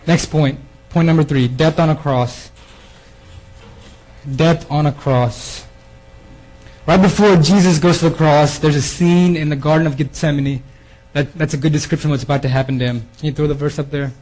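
A man's voice: fairly high pitch, fairly even intonation, moderate pace, darkish tone, rough recording. A man preaching a sermon in an earnest way, often repeating words and restarting his phrases. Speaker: preacher giving a theme talk.

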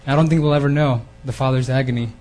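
A man's voice: mid-range voice, steady tone, quick pace, a little mellow, poor audio. A man preaching a sermon in an earnest way, often repeating words and restarting his phrases. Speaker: preacher giving a theme talk.

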